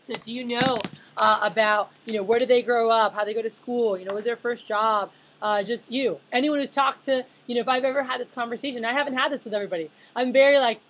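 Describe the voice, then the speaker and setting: Woman in her 30s, slightly high, husky voice, loose chatty conference speaker who polls the room. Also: quick pace, fairly bright tone, poor audio. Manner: chatty, filler-heavy, asks the room questions. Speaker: leadership speaker. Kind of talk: conference talk to a live audience.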